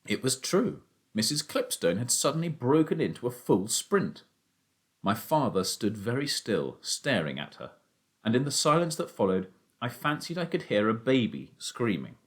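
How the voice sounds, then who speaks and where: A man's voice: medium pitch, moderate pace. A man reading a children's novel aloud as a first-person audiobook narrator. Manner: expressive storytelling, narrating as a boy.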